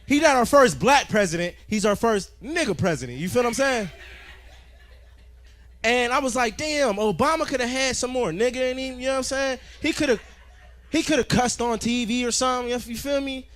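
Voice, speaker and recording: A man doing a stand-up set on a club stage, loud and animated, swearing a lot. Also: very high-pitched, fairly quick. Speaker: stand-up comedian.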